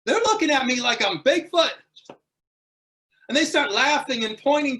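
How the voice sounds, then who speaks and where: Animated man giving a funny speech. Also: very high voice, normal speed. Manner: animated, punchline-driven storytelling. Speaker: guest speaker. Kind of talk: humorous club speech.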